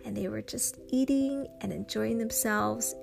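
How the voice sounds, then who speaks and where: A woman with a slightly high voice tells an improvised children's story at an unhurried pace. She is expressive and acts out booms and gasps as she goes. Clear music plays behind her throughout. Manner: slow and expressive, with sound effects and gasps.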